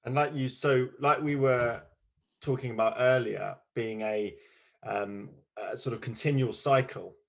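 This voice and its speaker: A man's voice: medium pitch, fairly even intonation, unhurried. A man hosting a casual podcast, phrasing his thoughts with some hesitation. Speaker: podcast host.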